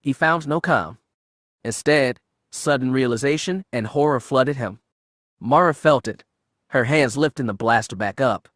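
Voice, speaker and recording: This is audiobook narration of a space-adventure fan fiction novel, read by a man at medium pitch in a steady, even manner. The sound is dry and close-miked, with no room sound at all.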